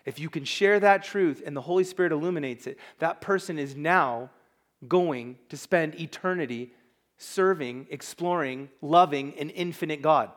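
A man's voice: a little high, moderate pace. A man preaching a sermon as pastor, emphatic and conversational, with asides to the congregation.

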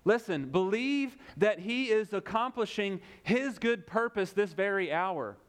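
A young adult man preaching a sermon as pastor, emphatic, with repeated phrases and dramatic pauses. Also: sits high, lively intonation, clean tone.

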